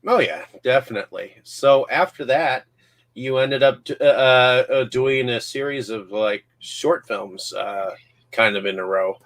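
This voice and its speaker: A man hosting an interview, asking questions in a halting way with many fillers. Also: mid-range voice, fairly bright tone. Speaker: host. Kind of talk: casual interview.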